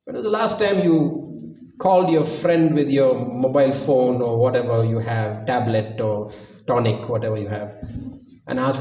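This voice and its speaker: A man's voice: mid-range voice, animated, normal speed, a little mellow. A man preaching a sermon, acting out quotes with jokey asides. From India. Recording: echoey hall, mic from a distance.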